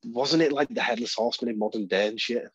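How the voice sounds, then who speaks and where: An Englishman co-hosting a podcast from afar, laid-back and swearing casually in relaxed chat. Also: medium pitch, fast, husky, dry recording. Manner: laid-back, swearing, calls others "man". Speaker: podcast co-host. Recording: dull dry remote audio.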